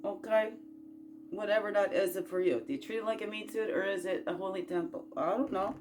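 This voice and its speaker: A woman talks through self-growth in a loose, folksy, encouraging way, full of asides and rhetorical questions. She swings from loud bursts to quiet murmurs at a mid pitch, with faint music behind her. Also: brisk. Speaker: spiritual self-growth host. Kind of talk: casual motivational chat.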